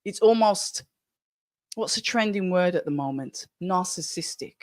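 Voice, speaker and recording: A woman hosting a live fight watch-along stream, chatty and excitable, talking straight to her viewers. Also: on the low side, moderate pace, no room sound. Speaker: livestream watch-along host.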